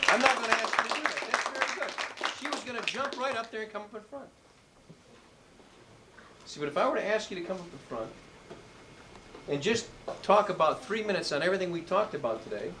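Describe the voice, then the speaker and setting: A man speaks to a room of students in a motivational talk, stretching out his key words and calling for the audience to answer. He is heard from a distance in a roomy, echoing space. Steady background noise runs under the voice. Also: sits high. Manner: call-and-response, drawn-out emphatic words. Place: indoor room with students and adults. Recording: echoey room, distant mic, noisy.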